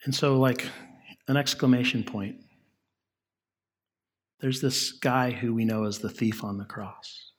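Husky-voiced man preaching casually. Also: medium pitch. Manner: conversational, drops to a soft hush on key lines. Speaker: pastor. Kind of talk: sermon.

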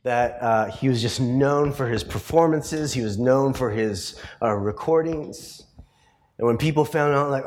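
A man's voice: medium pitch, measured pace, darkish tone. A male pastor preaching a sermon in a conversational storytelling way, full of fillers and tag questions. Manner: rises to passionate emphasis in the closing points.

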